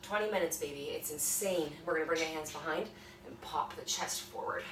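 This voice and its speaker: Her low, brisk, slightly bright voice carries across the room as she leads a home workout, chatting and urging viewers on between breaths. The fitness instructor is filmed from afar on a phone, so the recording is echoey and has background noise.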